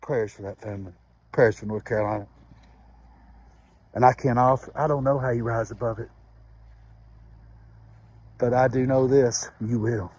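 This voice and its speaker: A man giving an emotional spoken testimony and prayer as a motivational speaker, impassioned and preacherly, dropping to a hushed voice at times. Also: medium pitch, fairly even intonation. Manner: impassioned, preacherly, with pauses and sudden drops to a hushed voice.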